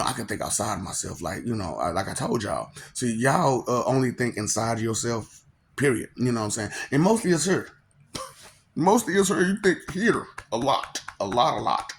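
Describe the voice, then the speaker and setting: A man's voice: medium pitch, very animated, normal speed, vocal fry, slight background noise. Laughing, swearing man with a loose rambling ramble. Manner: laughs often, profane, swings from loud to muttered; makes mouth sound effects. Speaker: monologue host. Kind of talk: rambling casual monologue.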